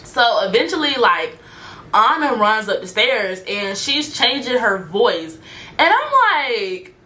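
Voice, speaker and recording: A young woman tells a story in a casual, slangy way and speaks directly to her viewers. Her voice is bright and forward. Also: fairly high pitch, sing-song, slow pace. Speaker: storyteller vlogger.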